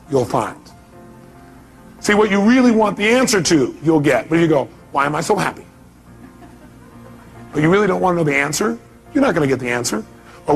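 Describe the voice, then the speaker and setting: A middle-aged man giving a live motivational seminar talk, telling stories animatedly and acting out voices and exclamations. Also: fairly high pitch. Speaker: motivational speaker.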